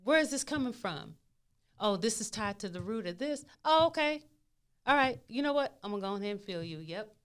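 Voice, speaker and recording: A woman talking as a podcast guest in casual conversation, animated, repeating phrases and acting out inner voices. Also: mid-range voice, fairly quick, clean tone. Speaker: podcast guest, spiritual advisor.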